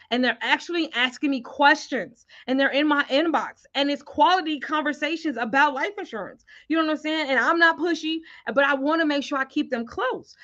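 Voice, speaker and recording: High, bright-voiced woman trainer, animated. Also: dull audio. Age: middle-aged. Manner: animated, slangy, talks straight to the viewers. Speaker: sales trainer. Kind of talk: live webinar training.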